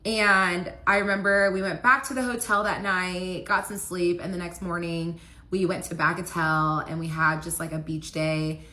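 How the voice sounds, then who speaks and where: A woman's voice: fairly low pitch, little pitch movement, normal speed, bright, forceful tone. A young woman casually telling a personal story, peppering her speech with "like" as she talks. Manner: casual, heavy use of "like" fillers.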